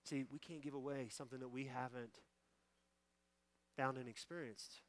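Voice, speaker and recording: In a church sanctuary, a pastor in his forties preaches a sermon and then moves into prayer. His medium-pitched voice keeps a steady tone at a moderate pace, full of fervent emotion, and he repeats key phrases for emphasis.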